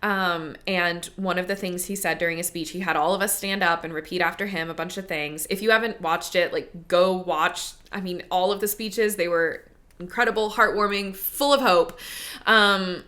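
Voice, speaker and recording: Bright-voiced chatty woman podcast host. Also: on the low side, steady tone, normal speed. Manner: chatty, upbeat, with frequent likes and rights. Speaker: podcast host and money coach. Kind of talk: casual solo podcast talk.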